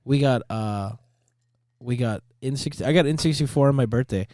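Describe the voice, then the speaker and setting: A man's voice: mid-range voice, normal speed, dark tone, no echo, clean studio sound. A man in his thirties co-hosting a podcast, casual and joking, laughing often as he rambles. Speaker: podcast co-host. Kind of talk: casual chat.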